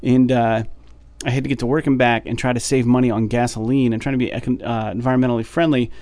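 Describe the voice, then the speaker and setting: A man co-hosting a podcast, telling a story in a casual, animated way and sounding fed up. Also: mid-range voice, fast, dry recording. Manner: animated, exasperated storytelling with many fillers. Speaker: podcast co-host.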